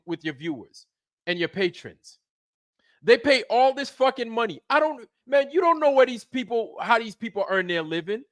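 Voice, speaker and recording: A man's voice: sits high, lively intonation, moderate pace, pushed and bright, no echo. A man hosting his channel, delivering an angry, profane rant full of repeated phrases. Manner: heated, profane, repeats himself. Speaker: channel host.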